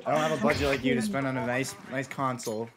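A young man calling a match like a mock sportscaster, his voice at a middling pitch. Loud crowd and game noise roar behind him. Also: fairly even intonation, quick pace. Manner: joking sportscaster delivery. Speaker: gamer. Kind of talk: mock play-by-play commentary.

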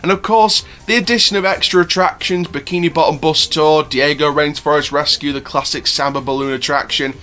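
A man's voice: on the high side, steady tone, a little fast, few pauses, pushed and bright. A man hosting a casual theme park vlog, talking in a chatty, upbeat way with lots of fillers and restarts. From England (Doncaster). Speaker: theme park YouTuber host.

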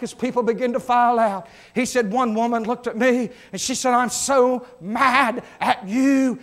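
A man preaching a revival sermon, telling a story that builds from quiet narration to shouted preaching. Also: extremely high pitch. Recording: church service recording.

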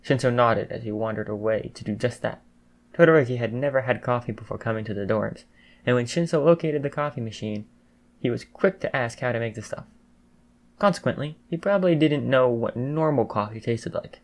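A man narrating a fan fiction audiobook in a steady storytelling voice. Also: mid-range voice, fairly quick.

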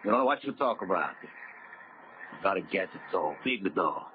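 A man's voice: sits low, expressive, moderate pace. A bitter, boastful tough-guy diver. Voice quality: sneering, street slang. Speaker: deep-sea diver. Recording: tinny 1930s radio broadcast, hiss.

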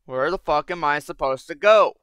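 A man's voice: a little high, normal speed, a bit bright, clear, resonant tone, dry recording. A young man giving casual gameplay commentary, thinking aloud, getting frustrated and swearing often. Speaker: gaming YouTuber.

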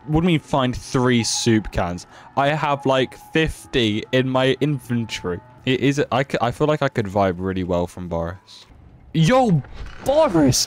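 A young man giving casual, joking commentary while streaming a horror game. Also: medium pitch. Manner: joking, playful, excitable.

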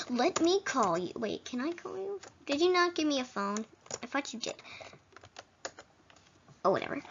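A woman doing let's-play commentary on a video game, excitable, dramatic and easily flustered. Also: sits high, takes it slowly, long pauses, slight background noise. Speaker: gaming video creator. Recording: dull lo-fi recording.

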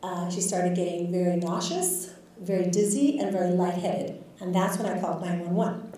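A woman physician recounts a patient case to a class in a candid, reflective way, with a mellow, soft-toned voice and plenty of filler words. She is picked up from a distance in an echoey lecture hall, with faint room noise behind her. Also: lowish voice, steady tone, moderate pace. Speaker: physician guest speaker. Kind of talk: storytelling in a lecture.

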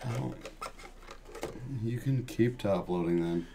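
Low-voiced man trading dry teasing jabs. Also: slow pace, warm tone. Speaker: card break co-host. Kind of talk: casual banter during a card break.

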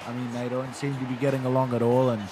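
A man calls the action in a wrestling video game in a loose, chatty way, stumbling over fillers and restarting his sentences. His pitch sits in the middle range. Steady background noise runs under the recording. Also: fast. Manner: rambling, lots of fillers and restarts. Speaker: play-by-play commentator. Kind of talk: casual video game commentary.

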